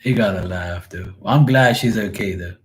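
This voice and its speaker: Guy doing tarot reads on a livestream, low voice, laughs a lot, swears casually, super loose chat. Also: normal speed. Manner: laughs often, profane, joking. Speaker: tarot reader.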